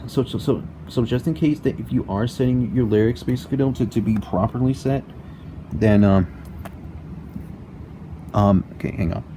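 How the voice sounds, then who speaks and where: A young man explaining a music game tutorial in a halting way, repeating words and filling with "basically" and "like", recorded on a laptop mic at home. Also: mid-range voice, noisy background. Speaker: tutorial maker. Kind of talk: casual screen-recorded tutorial.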